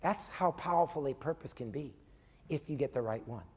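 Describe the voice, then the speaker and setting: A man giving a motivational keynote as a business coach, animated, swinging between loud emphasis and hushed asides, often tagging points with "okay?". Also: mid-range voice, normal speed, breathy edge. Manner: tags points with a questioning "okay?". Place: conference hall before a live audience. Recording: long reverb of a large hall.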